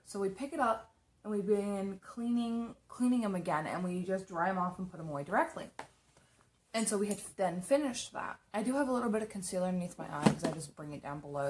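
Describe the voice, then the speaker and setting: Young woman vlogging her makeup, rambly storytime, mid pitch, lots of "like"s. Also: a little mellow. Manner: rambling, chatty, full of "like" and restarts. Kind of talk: casual storytelling while doing makeup.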